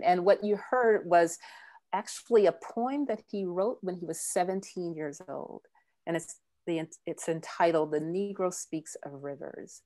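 A woman professor giving a presentation to a club meeting, halting and full of fillers. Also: fairly low pitch, darkish tone. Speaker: guest speaker, university professor.

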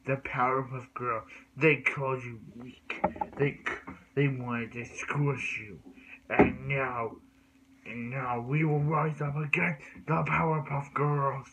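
A man's voice: medium pitch, little pitch movement, slow pace, muffled recording, noisy background. A man voicing a scheming male cockroach villain who hates humans, making grandiose threats. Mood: menacing.

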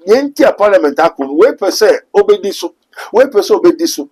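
A man's voice: high voice, sing-song, fast talker, husky, rough recording. A Ghanaian man, a self-described spiritual man, answering questions in a fervent preaching manner. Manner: fervent, switches to loud exhortation. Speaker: pastor.

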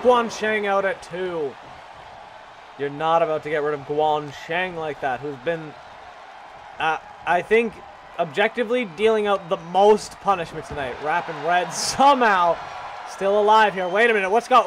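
A young man giving excited, profane play-by-play commentary on a wrestling video game, shouting at the big moves. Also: high voice, normal speed. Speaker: gaming commentator. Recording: loud game crowd noise behind. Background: video game crowd and noise.

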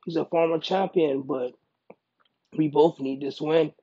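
A man, a professional fighter, speaking in a casual interview, emphatic and animated, often repeating himself for emphasis. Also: a little high, measured pace, husky, highs cut off. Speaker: MMA fighter.

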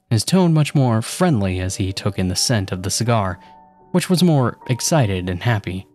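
A man narrating a first-person horror story with a casual, sarcastic tone. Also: lowish voice.

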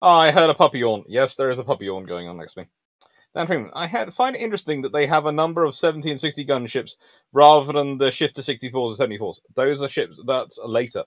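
On a casual history livestream, a quick-talking man with a medium-pitched voice reads ship names in a sing-song list and chats with his viewers. The recording has no room sound, and his manner is lively and chatty, like a relaxed lecture that answers chat.

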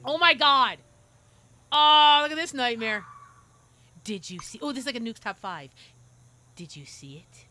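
A woman streaming a game live, reading its dialogue aloud and reacting in an animated, jokey way, squealing and whispering when scared. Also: on the high side, measured pace, long pauses, slight background noise.

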